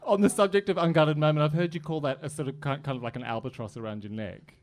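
Male interviewer, quick pace, animated pitch, slightly high voice. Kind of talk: casual interview.

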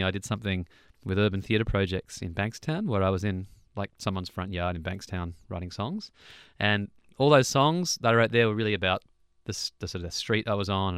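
A young man talks in a rambling, easygoing way, his voice low-pitched and smooth. The sound is dry and close, with no room behind it. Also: fairly bright tone, no room sound. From Australia. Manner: rambling, chatty, with laughs and restarts. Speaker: songwriter guest. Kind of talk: relaxed interview chat.

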